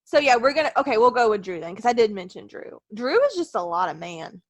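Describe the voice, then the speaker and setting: A woman co-host chatting on a podcast in a fairly high voice that rises and falls a lot. She is playful and cheeky and laughs often. The sound is dry and close. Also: very animated, fast talker, no echo. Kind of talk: casual chat.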